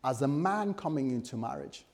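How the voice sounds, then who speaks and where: A man's voice: mid-range voice, expressive, normal speed, darkish tone. Playful, chatty male preacher. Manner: conversational, playful, acts out little scenes. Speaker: pastor. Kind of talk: sermon.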